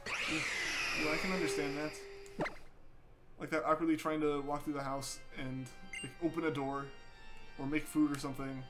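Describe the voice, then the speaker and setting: A man's voice: fairly high pitch, little pitch movement, moderate pace, long pauses, a bit bright. A young man streaming a game live, chatting casually and reading out viewer messages in an easygoing way with lots of fillers. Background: game music playing.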